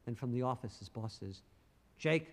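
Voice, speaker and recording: A man's voice: medium pitch, expressive, normal speed, in a large hall. A man telling a rhyming story in a rhythmic, punchy spoken-word recitation.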